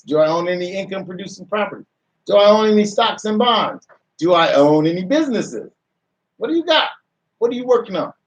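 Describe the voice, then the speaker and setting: A man hosts a motivational radio show with a slightly high voice. He keeps asking rhetorical questions and repeats words as he restarts his sentences. He sounds a little distant from the microphone. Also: muffled recording.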